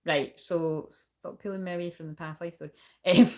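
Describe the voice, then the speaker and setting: A woman's voice: on the low side, fairly even intonation, brisk, a little mellow. A young woman giving a casual spiritual reading, rambling and swearing often. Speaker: spiritual reader and shaman.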